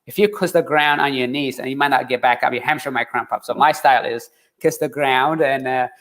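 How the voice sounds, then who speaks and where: A man telling his story in an interview, earnest and halting, with many fillers and restarts. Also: medium pitch, fairly bright tone. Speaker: interview guest, marathon runner. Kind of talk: conversational interview.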